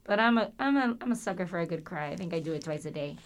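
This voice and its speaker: A woman's voice: fairly low pitch, animated, fast talker. A young woman hosting a casual podcast, chatty and playful, with lots of fillers. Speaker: host.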